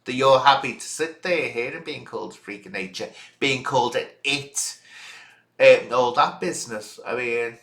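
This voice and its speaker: A man's voice: mid-range voice, moderate pace, fairly bright tone. Indignant ranting man in echoey room. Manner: indignant, scolding direct address. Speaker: channel host. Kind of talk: ranting reaction video.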